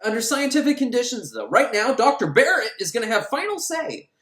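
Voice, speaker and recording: Rambly joking movie recap host, super animated voice, echoey room. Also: mid-range voice, brisk. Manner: rambling, joking, frequent laughs. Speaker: film recap podcaster.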